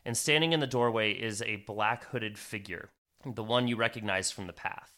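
Acting as game master, a man narrates a tabletop fantasy game dramatically, using some fillers and slow, emphatic phrases. His voice is lowish and bright with a forceful tone.

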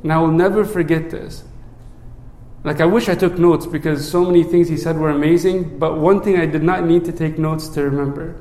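A male priest giving a conversational sermon. He often checks in with "right?", repeats words as he restarts phrases, and drops low and soft when he recites the prayer. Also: fairly even intonation, fairly quick, echoey room.

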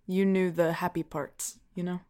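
Woman player in a tabletop game, earnest, halting, kinda quiet and sincere. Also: on the low side, flat delivery. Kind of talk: in-character tabletop role-play.

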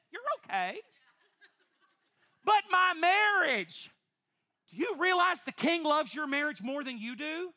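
A woman preacher, high-pitched and very bright, her voice leaping up and down as she delivers a lively sermon. She teases the congregation with quick asides between points. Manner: animated, playful preaching with quick asides and laughter. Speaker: pastor. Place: church before a congregation.

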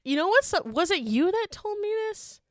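A woman's voice: very high-pitched, sing-song, normal speed, no room sound, studio quality. A woman co-hosting a casual podcast, chatty and full of filler words. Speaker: podcast co-host. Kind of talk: casual chat.

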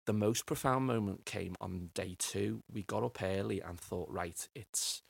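A man's voice: fairly low pitch, normal speed, vocal fry, breathy edge, dry recording. A middle-aged man, telling his life story as a podcast guest in a rambling way, often repeating words as he finds them. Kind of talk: personal storytelling interview.

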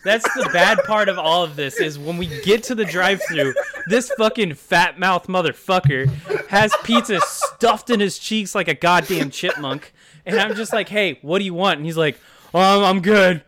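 A man's voice: high voice, animated, moderate pace, noisy background. A young man co-hosting a podcast, telling a rowdy, profane story in casual chat. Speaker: podcast co-host.

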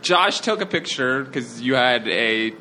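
A man's voice: mid-range voice, animated, measured pace, bright, forceful tone, a little hiss or hum, poor audio. A young man in a casual podcast chat, prompting friends and steering the stories. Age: young adult.

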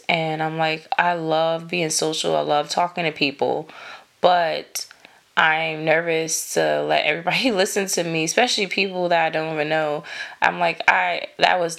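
A woman's voice: low voice, vocal fry, bright, forceful tone. A woman in her thirties hosting a podcast, talking casually and encouragingly with lots of filler words. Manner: chatty, many "like" fillers, encouraging. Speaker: podcast host. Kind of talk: casual motivational monologue.

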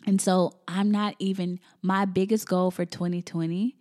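A woman's voice: on the low side, measured pace, darkish tone. A woman in her thirties, a podcast host and business coach, telling a personal story in a chatty, emotional way and often calling her listeners y'all.

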